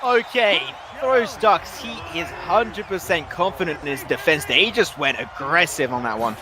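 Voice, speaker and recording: A man's voice: a little high, animated, normal speed, a crowd in the background. A man doing rambling, self-correcting play-by-play commentary on an esports match.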